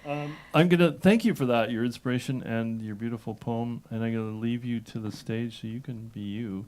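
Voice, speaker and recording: A woman's voice: rumbling low, brisk, a little mellow, poor audio. A woman at a live open mic, translating a poem aloud and handing the stage on with playful, self-deprecating remarks. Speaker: translator of a poem and event host. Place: live venue.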